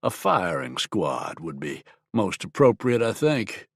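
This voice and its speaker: A man voicing a stern, scheming army colonel in an audiobook, with a sharp, strident, clipped delivery. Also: lowish voice, big pitch swings, creaky, husky, dry recording, clean studio sound, exaggerated voice. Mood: cold. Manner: cold, clipped, deliberate. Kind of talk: audiobook character voice.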